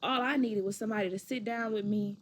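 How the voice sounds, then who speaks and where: A woman's voice: mid-range voice, steady tone, quick pace. A woman telling a personal story to camera in a frank, conversational way, often restarting and repeating phrases.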